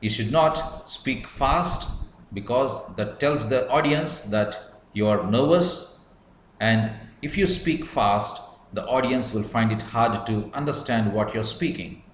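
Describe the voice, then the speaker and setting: A man giving a measured lecture on public speaking, stressing words to demonstrate emphasis. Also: medium pitch, reverberant, slight background noise, poor audio. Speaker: English teacher. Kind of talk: slow deliberate lecture.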